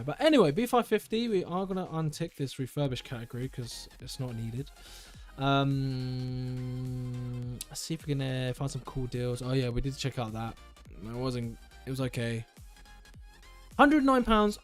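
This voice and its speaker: A man's voice: medium pitch, darkish tone. A young man chatting casually on a live stream, rambling and correcting himself as he browses tech deals at home. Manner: rambling, self-correcting, enthusiastic. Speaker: tech livestreamer.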